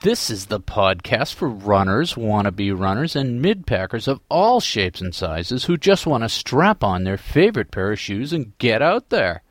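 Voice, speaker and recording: Upbeat Boston podcast host, dry close mic. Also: male voice, medium pitch, no room sound. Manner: jokey, upbeat, teasing. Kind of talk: podcast intro.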